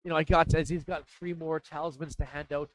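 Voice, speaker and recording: A man narrating as dungeon master, talking in a halting way with many fillers and restarts. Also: a little high, level tone, a bit bright, a little hiss or hum, poor audio. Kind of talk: narrating a tabletop game.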